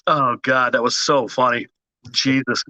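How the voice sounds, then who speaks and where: A man's voice: mid-range voice, steady tone, unhurried, pushed and bright, dry recording, poor audio. A middle-aged man, chatting as a podcast host, swearing freely, laughing and rambling with restarts. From Washington DC area. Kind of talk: casual chat.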